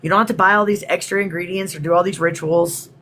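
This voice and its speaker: A woman's voice: lowish voice, fairly even intonation, fast, fairly bright tone, a little hiss or hum. A woman from Texas, hosting a spiritual livestream in a chatty, rambling way and greeting viewers by name. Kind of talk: casual livestream talk.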